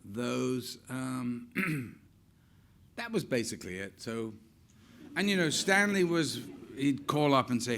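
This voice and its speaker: A man's voice: medium pitch, very animated, slow, creaky, a bit bright. An older man, an actor, telling chatty anecdotes on stage with frequent laughs. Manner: chatty, laughs often, acts out quotes.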